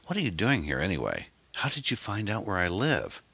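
A man's voice: deep voice, wildly swooping pitch, fairly quick, creaky, pushed and bright, breathy edge, dry recording, pitched above the performer's own voice, full character voice. A man voicing a blunt, hungover man who swears, in a mystery audiobook. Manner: blunt, curses. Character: hungover man, roused from sleep, gruff.

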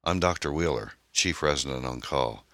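A brisk hospital doctor, voiced by a male audiobook narrator. He talks in a deep, matter-of-fact way and sounds close and dry. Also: expressive, bright, forceful tone, no echo, heavily acted.

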